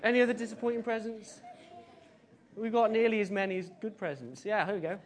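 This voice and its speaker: Chatty high-voiced man leading church. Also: steady tone, fast talker, a little hiss or hum. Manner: chatty, hesitant, with many ums and playful asides. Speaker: service leader. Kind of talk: informal all-age church talk. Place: church service with congregation.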